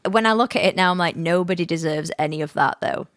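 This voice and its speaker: A woman's voice: lowish voice, fast talker, a bit bright, no room sound. Young girl, crying a bit, swears, honest, dead dry sound. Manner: tearful, candid, sweary. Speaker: podcast co-host sharing her story. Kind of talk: emotional personal storytelling.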